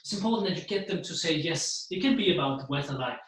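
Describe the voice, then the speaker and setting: A man's voice: on the high side, fast talker. Man speaking in a very echoey room. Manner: animated, acts out the voices he describes. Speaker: motivational keynote speaker. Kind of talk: seminar talk to an audience.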